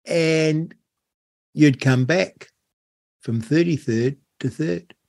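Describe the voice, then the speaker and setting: A man's voice: on the high side, drawn-out words, creaky, darkish tone. A man hosting an interview, prompting the guest with short remarks and questions. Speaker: interviewer, host.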